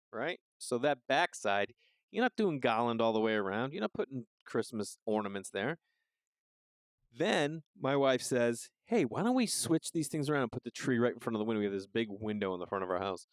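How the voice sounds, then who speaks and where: A man in his forties riffs through a comedic monologue, loose and profane. His voice is smooth and full, and the recording is close and dry with no room sound. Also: medium pitch, no room sound. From Massachusetts. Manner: loose, profane, riffing with asides. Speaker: podcast host.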